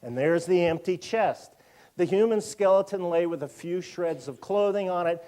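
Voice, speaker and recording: A man in his fifties giving a public lecture in a museum auditorium, animated and full of joking asides. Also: high voice, moderate pace. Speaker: university lecturer.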